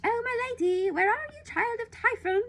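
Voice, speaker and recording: A woman reading aloud, voicing a shrill, fussing old nurse who wails and calls from a distance. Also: expressive, moderate pace, fairly bright tone, full character voice. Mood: wailing, calling. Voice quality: shrill, wailing.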